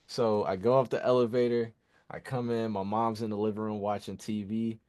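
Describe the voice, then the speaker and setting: A young man, a musician guest, telling stories casually in a slangy, animated way. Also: fairly low pitch, a little fast. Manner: animated, slangy, acts out voices. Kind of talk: casual storytelling in an interview.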